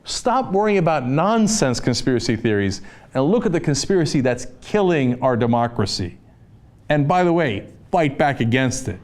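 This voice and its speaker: Animated, ranting political commentator man. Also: mid-range voice, normal speed. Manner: fired-up, sarcastic ranting. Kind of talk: impassioned opinion monologue.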